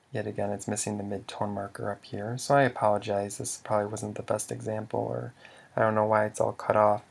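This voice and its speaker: Guy walking through language tone rules, slow and gravelly, voice goes up loud on the example words. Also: lowish voice. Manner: slow and methodical, says Lao example words louder. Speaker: language teacher. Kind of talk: screen-recorded tutorial explanation.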